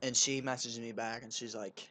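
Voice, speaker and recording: A man's voice: mid-range voice, fairly even intonation, moderate pace, pushed and bright. A young man telling crude, profane stories in a casual rant while playing a video game. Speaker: gaming channel host. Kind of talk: casual storytelling over gameplay.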